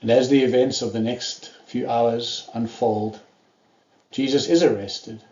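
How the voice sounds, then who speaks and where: A man's voice: medium pitch, fairly even intonation, measured pace, darkish tone, roomy sound, highs cut off. A man preaching a sermon, telling the story earnestly and acting out the quoted lines.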